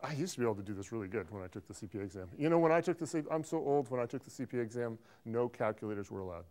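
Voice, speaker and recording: A man's voice: medium pitch, animated, racing, darkish tone. A middle-aged man lecturing an accounting class, playful and teasing, quizzing students and repeating his praise. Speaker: accounting professor.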